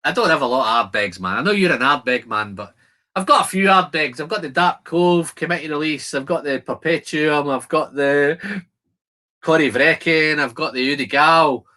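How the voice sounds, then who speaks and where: A man's voice: a little high, normal speed, bright, forceful tone. A man hosting a casual livestream from his garden shed, chatting in a friendly, rambling way as he reads viewer comments. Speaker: whisky channel host.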